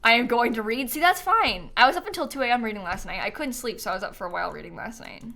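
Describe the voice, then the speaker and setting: A woman's voice: on the high side, racing, vocal fry, bright, forceful tone. A woman chatting casually on a live stream while she plays a life-sim game, giggling often and answering questions from chat.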